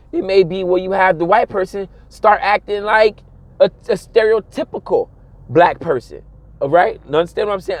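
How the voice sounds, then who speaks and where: A man, giving a casual, animated monologue and mimicking other people's voices along the way. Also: high voice. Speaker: commentator.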